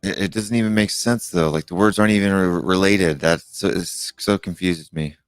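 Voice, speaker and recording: A man's voice: sits low, normal speed, clean tone, dry recording, studio quality, faint music behind. A middle-aged man hosting a live call-in show, chatting casually and rambling with many fillers and restarts. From United States. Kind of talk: casual live-stream chat.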